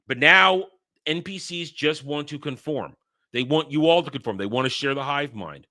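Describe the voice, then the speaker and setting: A man in his thirties or forties rants straight to his audience, exasperated and mocking, tripping over his own words as he restarts. His voice sits a little high and sounds sharp and tense. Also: moderate pace. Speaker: host. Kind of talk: casual commentary rant.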